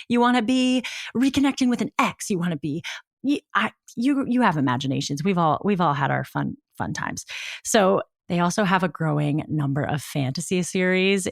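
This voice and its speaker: Low-voiced chatty woman podcast host. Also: dry recording, studio quality. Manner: chatty, enthusiastic, trailing off mid-sentence. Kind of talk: casual ad read.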